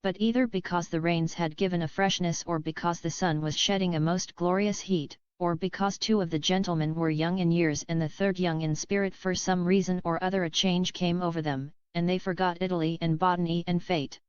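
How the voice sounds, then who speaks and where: Woman reading a book out loud, low and smooth, dry close sound, a bit dull and lo-fi. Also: fairly even intonation, a little fast, hardly any pauses, no echo. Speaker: audiobook reader. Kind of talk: scripted narration.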